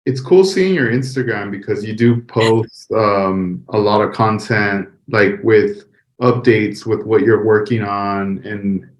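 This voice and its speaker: A man hosting a podcast, chatting in a relaxed, easygoing way with lots of filler words. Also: lowish voice, slow. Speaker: podcast host. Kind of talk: casual interview chat.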